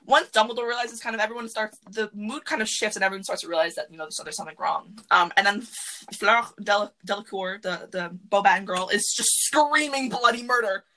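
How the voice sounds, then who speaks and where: Bright-voiced woman, rambling and excitable. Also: mid-range voice, brisk, low-quality recording. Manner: rambling, excitable retelling with many fillers. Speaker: podcast host. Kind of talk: casual chat. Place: closet.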